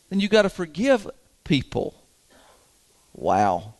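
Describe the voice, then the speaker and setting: A male pastor delivering a sermon in a church sanctuary. His voice sits high and swoops lively up and down as he leans into folksy, emphatic points, chuckling between them. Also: extremely slow.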